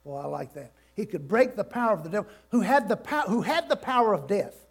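An older male pastor preaches with a high, gravelly voice. He swings between soft asides and loud declarations and throws questions out to the congregation. His voice carries a rough, creaky edge throughout. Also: big pitch swings, brisk, hardly any pauses. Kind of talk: sermon. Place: church sanctuary.

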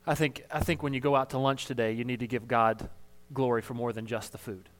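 A man's voice: mid-range voice, steady tone, brisk. Conversational male pastor sharing a story. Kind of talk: informal sermon.

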